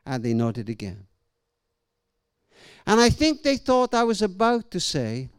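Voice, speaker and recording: A middle-aged man preaching a sermon, telling stories and swinging between raised and hushed delivery. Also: sits high, wildly swooping pitch, a little slow, long pauses, smooth, no echo. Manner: storytelling, swings from loud to hushed. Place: church hall or event venue.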